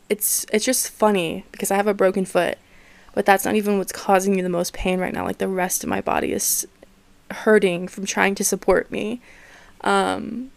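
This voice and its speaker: A woman's voice: medium pitch, creaky, a little mellow, no room sound. A woman in her twenties hosting a casual solo podcast, talking candidly, swearing freely and laughing often. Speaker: podcast host.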